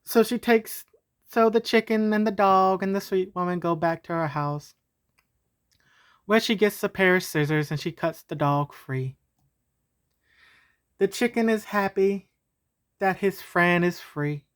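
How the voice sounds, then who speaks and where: A woman's voice: fairly low pitch, measured pace, pauses often, clean tone. A woman telling a homemade story in a casual, meandering way. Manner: casual, meandering, with fillers and restarts.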